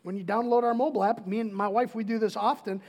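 A man's voice: sits high, steady tone, quick pace. A middle-aged man preaching a sermon as pastor, casual and joking, often restarting his sentences.

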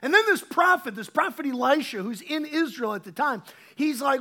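A woman's voice: high-pitched, lively intonation, moderate pace. A woman pastor preaching a sermon, telling a Bible story in a casual, chatty way with many restarts and fillers. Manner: soft, quiet opening prayer.

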